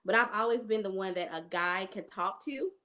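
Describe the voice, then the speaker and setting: A woman's voice: mid-range voice, moderate pace, noisy background. A woman taking part in a casual group discussion, speaking thoughtfully and searching for her words. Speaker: discussion participant.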